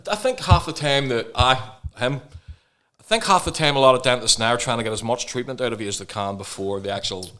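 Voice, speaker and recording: Fast-talking Northern Irish man, banter. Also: mid-range voice, sharp tone. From Northern Ireland. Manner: quick, joking banter, swears often. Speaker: podcast co-host. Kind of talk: casual chat.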